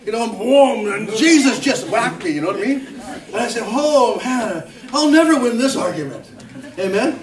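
A middle-aged male preacher with a fairly high voice delivers a chatty, self-mocking sermon, peppered with amens and hallelujahs. He sounds set back from the microphone, so the church hall's echo hangs around every phrase and adds a roomy ring. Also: animated, normal speed, crowd noise. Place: church hall. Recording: roomy echo, distant mic.

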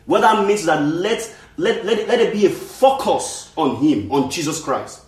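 Male preacher, earnest and repetitive, slightly high voice, echoey room. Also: lively intonation, normal speed. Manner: earnest, repetitive, restarts phrases for emphasis. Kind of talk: sermon.

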